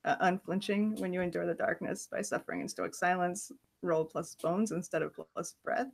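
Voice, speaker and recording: A woman's voice: on the low side, fairly even intonation, normal speed, gravelly. A woman playing a tabletop role-playing game, talking hesitantly and laughing between words. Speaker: player.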